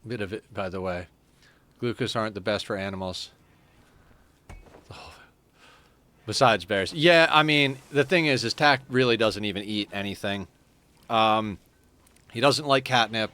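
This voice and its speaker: A man's voice: unhurried, pauses often, sharp tone. A man streaming a game and chatting casually, his voice a little sore from talking all day. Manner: coos to his cat in a high sing-song baby voice. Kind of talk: casual gaming stream chat.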